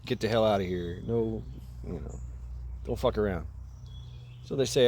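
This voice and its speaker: Low-voiced man rambling outdoors. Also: normal speed, pauses often, a little mellow, slight background noise. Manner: rambling, profane, laughs at his own story. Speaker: vlogger. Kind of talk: casual storytelling, retelling a movie. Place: outdoors by a path.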